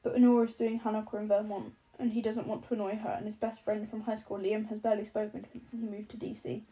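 A woman narrating an audiobook of a novel in steady storytelling. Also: medium pitch, fast, highs cut off. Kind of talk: scripted narration.

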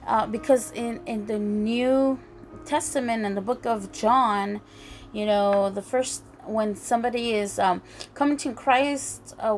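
A woman preaching a sermon in an earnest, halting way, often restarting her phrases. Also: mid-range voice. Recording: faint music behind.

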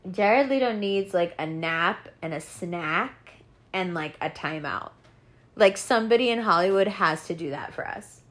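A woman talking casually in an animated, profane rant, laughing and doing mocking impressions. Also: lowish voice, a little slow. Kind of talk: casual rant about actors.

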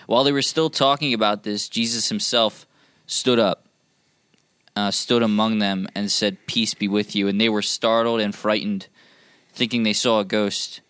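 Easygoing young man, low smooth voice. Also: fairly even intonation, normal speed, fairly bright tone, no echo. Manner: easygoing, jokey reader. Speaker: co-host. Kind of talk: casual Bible discussion.

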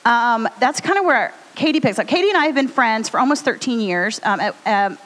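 A woman co-hosting a live storytelling podcast, chatting with an audience in a rambling, animated way. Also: a little high, fairly quick. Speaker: podcast co-host. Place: stage before a live audience. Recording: long hall reverb.

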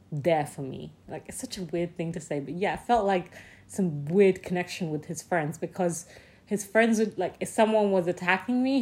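A woman casually telling a personal story, animated, swearing freely and packing her talk with "like". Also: on the low side. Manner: often laughs mid-sentence.

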